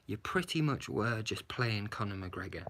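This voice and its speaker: A man's voice: fairly low pitch, lively intonation, normal speed, background noise. A man giving a blunt, sarcastic movie review, swearing and adding "yeah?" to his points. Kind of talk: casual movie review rant.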